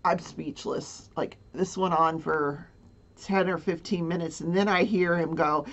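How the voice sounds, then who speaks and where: A woman's voice: fairly low pitch, fairly even intonation, measured pace. A woman telling a personal story in a casual, rambling way, flustered, with many fillers and nervous laughs. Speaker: livestreamer. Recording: dull lo-fi sound.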